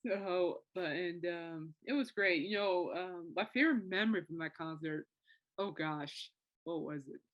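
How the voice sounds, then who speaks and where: A woman's voice: fairly low pitch, a little slow, lo-fi sound. Rambling woman in her thirties podcasting. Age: 30s. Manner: rambling and emotional, with many fillers and restarts. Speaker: podcast host. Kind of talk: casual solo podcast talk.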